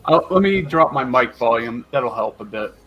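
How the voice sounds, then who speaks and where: A man's voice: medium pitch, expressive, moderate pace, dull audio. A laid-back man in a casual chat, often agreeing and chiming in.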